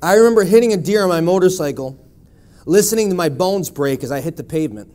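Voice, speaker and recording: A man's voice: high voice, expressive, quick pace, a little mellow. A man in his thirties from Buffalo, New York, giving a personal testimony in church with a wry, conversational storytelling manner. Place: church sanctuary.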